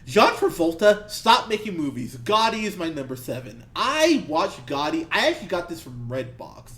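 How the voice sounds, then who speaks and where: A man's voice: a little high, big pitch swings, moderate pace, fairly bright tone. A man co-hosting a movie podcast, ranting heatedly and profanely about bad films with bursts of laughter. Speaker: podcast co-host. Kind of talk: ranty movie review chat.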